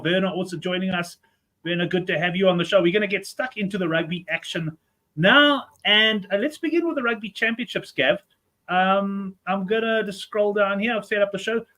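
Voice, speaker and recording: High-voiced male betting show host. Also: fairly quick, pushed and bright. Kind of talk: casual show hosting.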